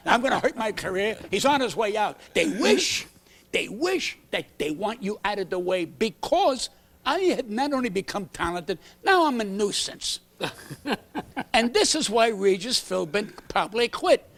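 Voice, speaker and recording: A man, rambling through comic anecdotes on a talk show. His voice sits high and gravelly, and it leaps and dips all over the place as he acts out the people in his stories. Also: sing-song, unhurried, a bit bright. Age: 80s. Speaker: talk show guest, comedian. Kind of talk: comic storytelling. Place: TV studio.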